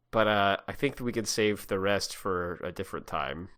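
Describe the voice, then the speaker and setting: A man's voice: low-pitched, normal speed, smooth. A man co-hosting a casual podcast, reading fan fiction aloud between laughs. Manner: animated, laughing reader. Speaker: podcast co-host.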